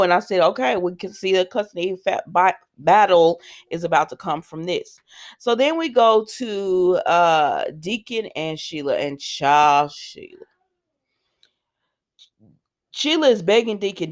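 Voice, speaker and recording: A woman's voice: fairly low pitch, unhurried. A woman hosting a casual soap opera recap, chatty and full of fillers and asides as she retells the scenes.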